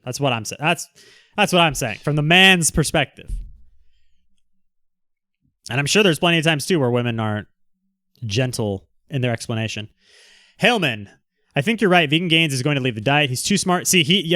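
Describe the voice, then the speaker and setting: A man's voice: medium pitch, bright, forceful tone, no echo, studio quality. A man hosting a livestream, reading viewer comments aloud and answering them in a frank, rambling way with many restarts. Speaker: livestream host.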